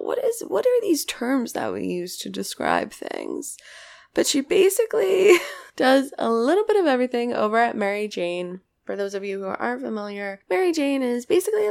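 A woman hosting a relaxed podcast intro. She speaks slowly with a gravelly, fry-laden voice, and she is bubbly, affectionate and quick to laugh. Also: a little high. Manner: bubbly, gushing, laughs often. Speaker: podcast host.

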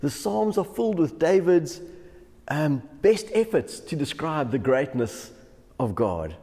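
Pastor in a reverberant hall. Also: male voice, on the high side, lively intonation, a little slow, mellow. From South Africa. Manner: chuckles often while telling stories. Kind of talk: devotional sermon.

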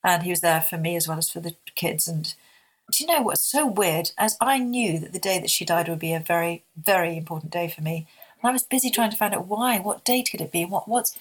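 A woman in her forties giving a personal testimony, talking in a halting way with restarts and searching pauses. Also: on the low side. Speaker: storyteller sharing a personal testimony.

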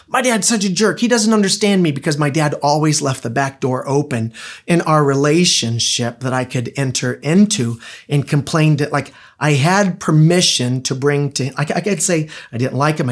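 Middle-aged male pastor, conversational storytelling sermon delivery. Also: mid-range voice. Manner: conversational, anecdotal, with restarts.

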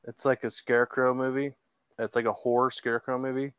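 A man's voice: mid-range voice, little pitch movement, a little fast, a bit bright, smooth, no room sound, muffled recording. A man as a podcast guest, chatting loosely with fillers and swearing. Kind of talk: casual profane chat.

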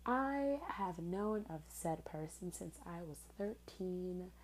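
A woman's voice: lowish voice, lively intonation, slow, low-quality recording. A woman in her twenties telling a personal story in a candid, sarcastic way, swearing casually. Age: 20s.

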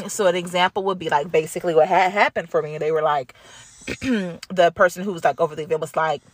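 A woman's voice: fairly low pitch, fairly quick. A woman hosting her own podcast, telling a travel story in a chatty, slangy way, swearing and laughing often. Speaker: podcast host. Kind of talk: casual spoken travel update.

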